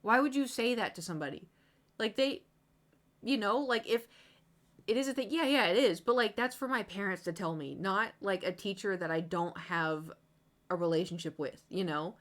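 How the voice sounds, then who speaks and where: A woman's voice: mid-range voice, normal speed, fairly bright tone. A young woman streamer from the United States chatting casually, telling a long rambling story with many asides to her chat.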